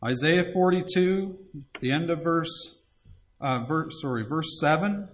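A man with a fairly high, animated voice preaches an evangelistic sermon at a slow pace. He pleads earnestly and reads scripture aloud in old-fashioned wording.

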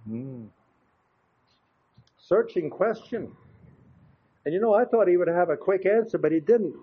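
A man's voice: high voice, lively intonation, a little slow, slightly rough. An older man preaching in a folksy, chatty way, telling anecdotes with frequent asides to the congregation. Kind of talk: folksy storytelling sermon. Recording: dull lo-fi recording.

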